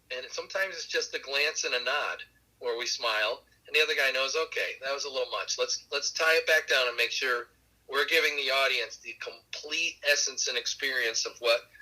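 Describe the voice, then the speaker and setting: A musician being interviewed on a podcast, telling relaxed stories with many fillers and light laughs. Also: male voice, mid-range voice, breathy edge, poor audio. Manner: warm anecdotal, laughs along, many fillers. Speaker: musician guest.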